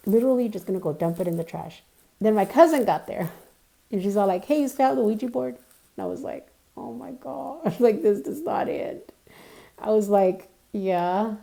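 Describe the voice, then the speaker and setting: A woman's voice: mid-range voice, gravelly, warm tone. A young woman vlogger casually telling a personal story, rambling with lots of "like" and "you know".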